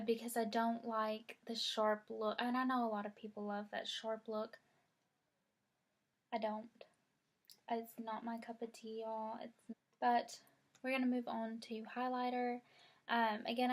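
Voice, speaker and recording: A young woman, chatting casually through a makeup tutorial and saying "y'all" a lot. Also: a little high. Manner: chatty, rambling, says "y'all" often. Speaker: beauty vlogger.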